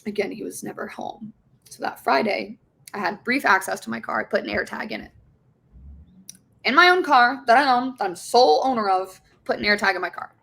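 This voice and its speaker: A woman's voice: on the high side, brisk, creaky, fairly bright tone, husky. A young woman as an interview guest, candidly telling a personal story, swearing often and acting out the voices of others. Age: young adult.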